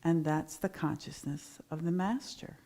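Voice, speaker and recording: A middle-aged woman preaching at a Sunday service, spinning a story with animated, lively delivery. Her voice sits a little low for a woman. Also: a little slow. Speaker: minister giving a Sunday talk. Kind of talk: sermon storytelling.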